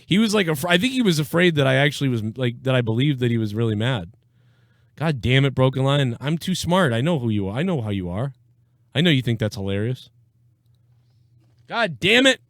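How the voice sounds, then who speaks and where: A man's voice: medium pitch, animated, quick pace, dry recording, clean studio sound. A man hosting a casual live call-in show, rambling and profane, laughing easily. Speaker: live show host taking calls.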